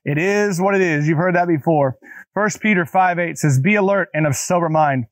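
A man's voice: a little high, moderate pace, no room sound. A man preaching a conversational sermon, talking straight to his listeners and repeating key phrases for emphasis. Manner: casual, talks directly to listeners. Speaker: pastor.

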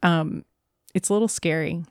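A woman's voice: lowish voice, moderate pace, no echo, studio quality. A woman in her thirties co-hosting a podcast, chatting casually and laughing often. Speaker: podcast co-host. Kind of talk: casual chat.

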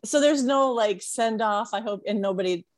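A woman's voice: a little high, moderate pace. A woman interviewing a guest in casual chat, reacting with frequent amazed exclamations. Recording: dry close sound.

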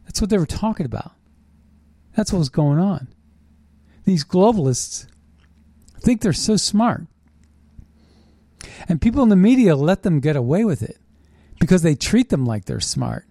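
A man's voice: sits high, a little slow, pauses often, no echo, studio quality. Indignant man ranting politics. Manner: animated, indignant, sarcastic ranting. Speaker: political commentary host. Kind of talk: opinionated political monologue.

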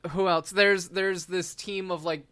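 Male co-host, slightly high, bright and crisp voice, meandering plot recap. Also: fairly even intonation, a little slow. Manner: rambling, many fillers and restarts while recapping a plot. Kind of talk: casual movie chat.

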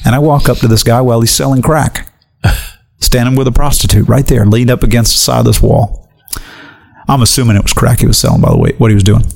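A man's voice: mid-range voice, fast talker, gravelly. A man, a guest on a radio program, telling a personal story and acting out what people said. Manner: animated storyteller, acts out quotes. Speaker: guest evangelist. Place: radio studio.

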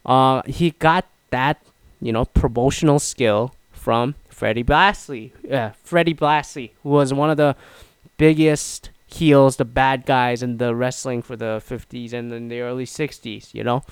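A man's voice: mid-range voice, unhurried, clear, resonant tone, dry recording. A man talking casually in an opinion monologue, rambling with many fillers and restarts. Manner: rambling, lots of "you know" fillers and restarts; animated when quoting others.

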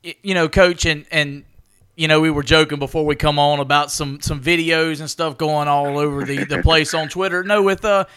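A man's voice: a little high, steady tone, moderate pace, a bit bright, clear, resonant tone. A man co-hosting a sports podcast, asking questions in a chatty way with stumbling restarts. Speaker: podcast co-host. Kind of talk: casual interview.

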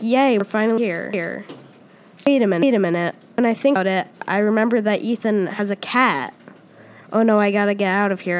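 A woman reading a first-person story aloud as its storyteller, pausing and restarting often with repeated words. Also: mid-range voice, slight background noise.

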